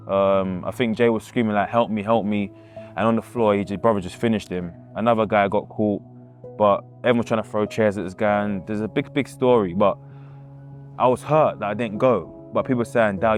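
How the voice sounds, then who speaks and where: Man, casual and emotional storytelling, puts on quoted voices, repeats himself, faint music under him. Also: lowish voice.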